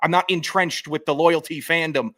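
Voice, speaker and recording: A man's voice: a little high, fairly even intonation, moderate pace, bright, forceful tone. A young adult man co-hosting a casual sports podcast, joking and rambling with restarts. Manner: rambling, joking, self-correcting. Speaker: podcast co-host. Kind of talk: casual chat.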